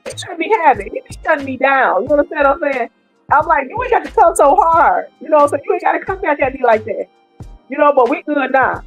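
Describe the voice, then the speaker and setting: A middle-aged woman, commenting casually on a live stream and talking straight to her viewers in an animated way. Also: high voice, fairly quick, faint music behind, low-quality recording.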